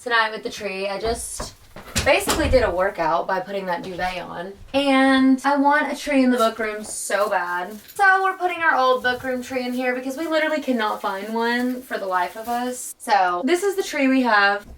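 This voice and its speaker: A woman's voice: a little high, lively intonation, normal speed, fairly bright tone. Bubbly young woman vlogger, slightly distant. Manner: chatty, bubbly, many likes. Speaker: lifestyle vlogger. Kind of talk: casual chat to camera. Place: bedroom at home. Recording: voice a bit far from the mic.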